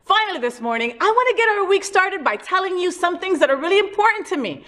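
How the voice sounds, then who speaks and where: A woman hosting a talk show, talking in a casual, animated and playful way with lots of emphasis. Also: very high-pitched, fairly quick. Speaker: host.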